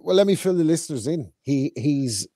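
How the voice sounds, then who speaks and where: A man's voice: on the high side, animated, a little fast, dark tone, dry recording, clean studio sound. A man co-hosting a casual podcast, sweary and amused as he fills the listeners in. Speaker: podcast co-host.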